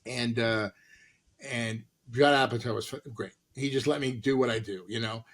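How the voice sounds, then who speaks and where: A middle-aged man from Los Angeles, an actor and comedian, telling animated stories in an interview and acting out the people he quotes. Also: medium pitch, normal speed. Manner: animated anecdotes with acted-out quotes. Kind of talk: storytelling interview.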